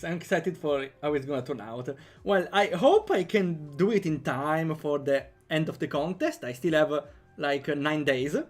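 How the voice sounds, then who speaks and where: A young man with an Italian accent talks casually through a programming livestream. His voice sits a little high, and he jokes and laughs freely with his viewers. Faint music plays quietly behind him. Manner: chatty and playful, laughs often, jokey asides. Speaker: game developer streamer.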